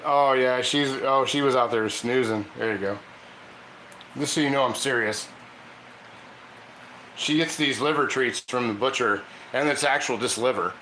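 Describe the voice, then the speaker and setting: A man's voice: mid-range voice, measured pace, long pauses, bright, forceful tone, roomy sound, a little hiss or hum, rough recording. A man hosting a casual cooking stream, chatty and laughing often as he coaxes his dog through tricks. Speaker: cooking channel host. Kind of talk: casual live cooking chat.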